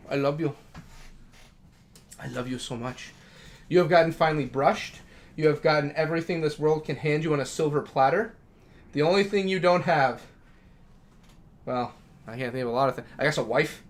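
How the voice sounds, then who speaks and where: A man streaming a game live, chatting casually and talking affectionately to his dogs. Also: on the high side. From Minnesota.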